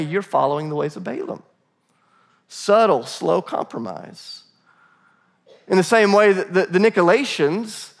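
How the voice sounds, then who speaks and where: An American man preaching a sermon in a conversational way, with laughing asides and acted-out dialogue. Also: high-pitched. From United States. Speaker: pastor.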